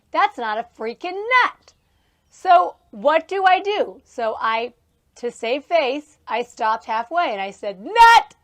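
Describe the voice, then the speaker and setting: A woman in her thirties hosting a casual podcast, telling rambling stories with frequent laughter, recorded outdoors on a farm. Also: high voice. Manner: chatty, laughs often, rambling asides. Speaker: podcast host. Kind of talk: casual solo podcast storytelling. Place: outdoors near a horse trailer on a farm.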